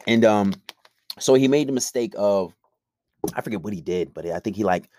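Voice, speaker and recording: A man's voice: on the low side, brisk, dark tone, dry recording, clean studio sound. Blunt, profane man ranting. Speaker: podcaster. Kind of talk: monologue to camera.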